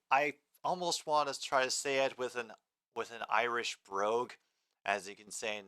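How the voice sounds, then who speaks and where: Bright, crisp-voiced male stream host. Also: mid-range voice, normal speed. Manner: rambling, reads and answers chat comments. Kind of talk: casual live game commentary.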